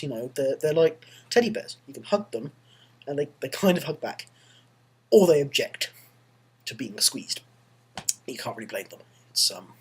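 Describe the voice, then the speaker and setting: A man's voice: medium pitch, fairly bright tone, breathy edge. A young male student rambling through a casual video diary, self-deprecating and prone to tangents. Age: young adult. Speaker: university student vlogger.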